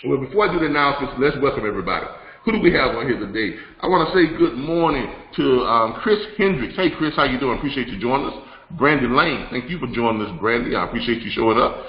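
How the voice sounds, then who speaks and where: A man's voice: mid-range voice, animated, quick pace. A man hosting a live online business broadcast, talking in a loose, rambling way with lots of fillers and restarts as he gives announcements and teaches. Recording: roomy, slightly dull sound.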